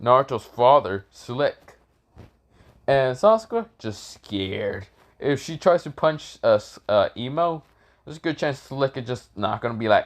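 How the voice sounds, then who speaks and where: A man's voice: mid-range voice, animated, measured pace. Rambling, casual male storyteller. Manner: rambling, with many fillers and profanity.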